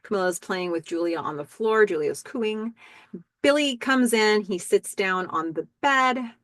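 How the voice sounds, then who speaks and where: A woman hosts a casual recap podcast and talks through the scenes in a chatty way, quoting the characters in her own voice. Her pitch sits in a middle range for a woman. The sound is close and dry. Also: animated, measured pace, a bit bright, no echo. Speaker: podcast host.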